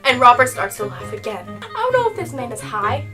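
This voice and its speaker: Young female vlogger, high voice, exasperated storyteller who keeps tossing in "okay?", music bed underneath. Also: sing-song, fairly quick, recorded from a distance. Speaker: YouTuber. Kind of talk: storytime vlog.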